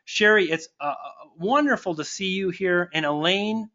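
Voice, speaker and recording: A man coaching online marketing, hosting a live webinar and warmly answering viewers, thankful and stumbling over restarts. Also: high-pitched, normal speed, highs cut off.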